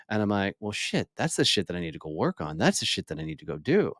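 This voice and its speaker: A lowish-voiced man in his forties recounts his past in a raw, unfiltered way, swearing freely and acting out his own inner voice. The sound is dry and close, with no room around it. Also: fast, few pauses, no echo. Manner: blunt, profane, animated storyteller. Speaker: podcast guest. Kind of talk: candid storytelling interview.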